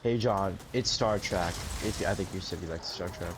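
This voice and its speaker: A man chatting casually on a gaming stream, hesitant and filling pauses with uh. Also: low-pitched, background noise. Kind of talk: casual chat.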